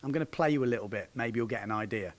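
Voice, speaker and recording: A man's voice: mid-range voice, rapid-fire, loud music behind the voice. A man, a windsurfing coach hosting a video, joking and laughing as he talks over clips of his students. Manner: jokey, laughing, shouts encouragement. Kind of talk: casual commentary over video.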